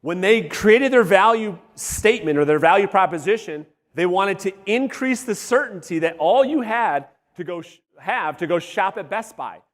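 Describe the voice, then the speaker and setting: A man coaching real estate agents at a live workshop, energetic and blunt, swearing and quizzing the audience, his voice wearing out. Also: high-pitched, moderate pace. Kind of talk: live workshop teaching to a room. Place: large room with live audience. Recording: long hall reverb.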